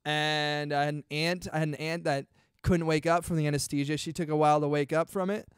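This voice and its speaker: Young man, high voice, smooth tone, chatty, excitable podcast storytelling. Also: a little fast, no echo, clean studio sound. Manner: chatty and excitable, peppers talk with dude and bro. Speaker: podcast host. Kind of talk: casual storytelling.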